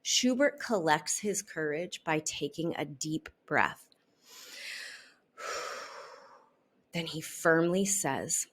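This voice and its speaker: Woman reading a children's story aloud. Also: deep voice. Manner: expressive, unhurried storytelling. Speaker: storybook reader.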